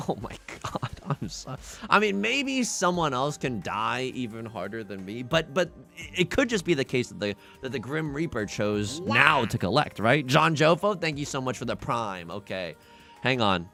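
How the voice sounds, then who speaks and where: A man commentating his online mahjong game on a live stream, swinging from mutters to shouts and laughs. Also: mid-range voice, very animated, normal speed, creaky, soft background music. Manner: wildly swinging, shouts and cries out, laughs often.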